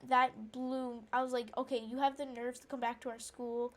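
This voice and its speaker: A woman's voice: a little high, level tone, moderate pace. A woman rambling through an indignant personal story while playing a game, with lots of fillers and restarts. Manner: breaks off to react to the game. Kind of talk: casual storytelling chat.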